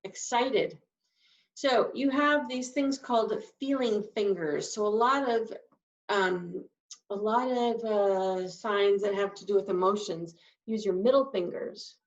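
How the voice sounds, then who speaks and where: A woman's voice: medium pitch, slow pace, reverberant. A woman teaching sign language, patiently explaining each sign step by step. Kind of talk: slow, patient instruction. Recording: dull lo-fi sound, from a distance.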